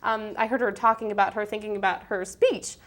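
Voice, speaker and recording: A woman's voice: mid-range voice, steady tone, brisk. A young woman co-hosting a casual entertainment talk show, upbeat and chatty. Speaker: co-host.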